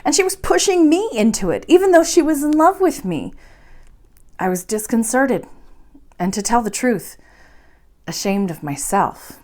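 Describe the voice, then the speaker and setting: A woman reading a bedtime story aloud, narrating in an expressive, measured way. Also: fairly high pitch. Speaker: library storyteller.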